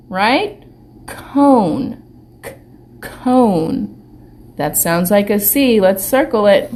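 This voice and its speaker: A woman teaching young children in an online lesson, talking slowly with lots of questions and sounding out letters. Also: medium pitch, darkish tone, a little hiss or hum. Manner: slow, sing-song teacher talk with many questions. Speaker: preschool teacher.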